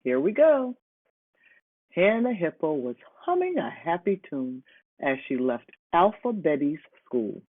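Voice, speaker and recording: A reader slowly and playfully reading a children's picture book aloud. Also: mid-range voice, husky. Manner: slow, animated, playful. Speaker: storybook reader. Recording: tinny phone-like, dry.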